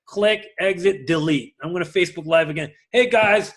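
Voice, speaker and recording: A man teaching a live class to a room of people, energetic and often checking that everyone is following. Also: fairly quick. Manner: energetic, swings loud and high when excited; asks the room for agreement. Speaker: class instructor.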